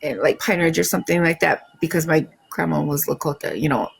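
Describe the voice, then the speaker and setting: A woman's voice: low-pitched, fast talker, vocal fry, slightly rough. A middle-aged woman hosting a live stream, chatting casually, laughing often and trailing off with fillers. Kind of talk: casual chat.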